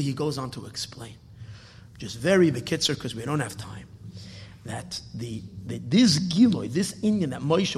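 A man, a rabbi, telling a story in a dramatic sermon style, swinging from shouts to hushed whispers. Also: on the high side, vocal fry, breathy edge. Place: hall at a Torah dedication. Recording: long echo of a hall.

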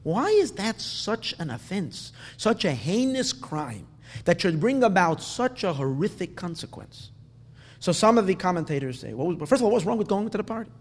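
A man gives a Talmud lesson, in a slightly raised voice. He restarts his phrases often and keeps posing rhetorical questions. The sound rings with long hall reverb. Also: a little high. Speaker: Torah teacher.

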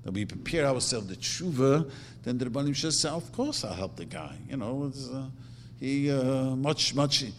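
A man's voice: medium pitch, expressive, normal speed. A middle-aged man teaching a religious lesson as a rabbi, animatedly acting out quoted prayers. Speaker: rabbi teaching a Torah class. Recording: reverberant hall with faint hum.

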